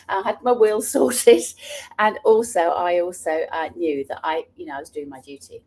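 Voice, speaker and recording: A woman's voice: medium pitch, expressive, normal speed, a little mellow. Earnest woman sharing personal stories. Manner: earnest, passionate, with frequent restarts. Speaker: author and speaker. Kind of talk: personal storytelling talk.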